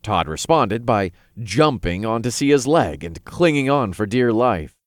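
Male audiobook narrator, lower voice, very lively intonation, expressive and playful, dry close mic. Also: measured pace, no room sound.

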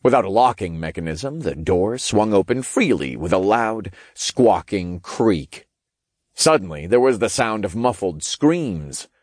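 A man narrating an audiobook in the first person, with lively, expressive storytelling. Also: fairly low pitch, measured pace, no echo, studio quality.

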